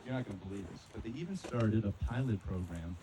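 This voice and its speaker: A man's voice: fairly low pitch, fast, very noisy. A man in his fifties from North Carolina doing an amateur stand-up routine at a wedding party, with dry, self-deprecating punchlines. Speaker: amateur stand-up comic, a physician. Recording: crowd laughter and applause.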